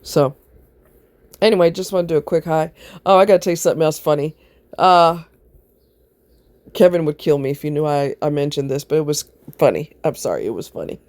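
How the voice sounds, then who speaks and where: A woman's voice: medium pitch, a little mellow, no echo. A woman chatting casually to camera, rambling from one aside to the next and often laughing. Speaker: vlogger. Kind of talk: casual chat.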